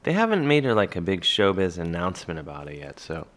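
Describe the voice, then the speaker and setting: Rambling self-deprecating man, lowish voice. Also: big pitch swings, quick pace, a bit bright, slight background noise. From Cleveland, Ohio. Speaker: actor and guest. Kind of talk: casual podcast chat.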